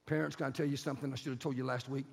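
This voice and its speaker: A man with a raspy, gravelly voice delivers a sermon as a story. He swings between loud bursts and hushed passages, pitched slightly high. A long hall reverb hangs on every word. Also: flat delivery, rapid-fire.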